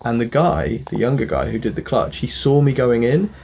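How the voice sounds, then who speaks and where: A man's voice: medium pitch, sing-song, moderate pace, creaky, darkish tone, slight background noise. A man vlogging a casual, profane story, animatedly acting out both sides of an argument. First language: not the local language of where he lives.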